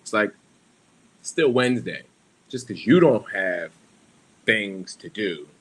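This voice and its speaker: A young man chats alone on his livestream, wandering from thought to thought and poking fun at himself. His voice is bright and forward, and he swears and laughs easily. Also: lowish voice, animated, slow. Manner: rambling, self-deprecating, swears freely, laughs often. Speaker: livestream host. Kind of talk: casual solo livestream chat.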